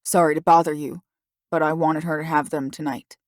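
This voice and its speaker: A woman voicing a quiet, earnest teenage boy in an audiobook. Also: sits low, flat delivery, a little fast, no room sound, clean studio sound, close to an everyday voice. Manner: soft, urging.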